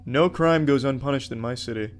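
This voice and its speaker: A man's voice: medium pitch, a little fast, soft background music. Crude, sarcastic man narrating gameplay. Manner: crude, sarcastic, mock-heroic. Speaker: gaming commentator. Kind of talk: comedic gameplay commentary.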